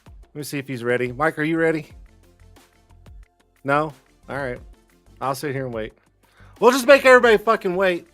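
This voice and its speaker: A man hosting a casual live-stream talk show, rambling and excitable, swearing freely. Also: fairly high pitch, no room sound. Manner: rambling, profane and excitable, with frequent restarts and laughs. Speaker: livestream talk show host.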